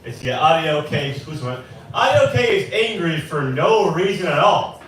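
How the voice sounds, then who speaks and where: A man in his twenties, working an open mic at a small bar with a live crowd, delivers a rambling, self-deprecating stand-up set. His voice is fairly high and a bit bright, with a sing-song lilt at a moderate pace. The recording is very echoey, captured from far off.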